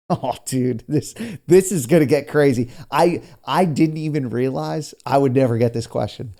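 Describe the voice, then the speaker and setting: Relaxed male podcast co-host with a mellow, low-key voice who spins easygoing anecdotes. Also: unhurried, vocal fry. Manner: laid-back storyteller, says dude and man. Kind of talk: casual podcast chat.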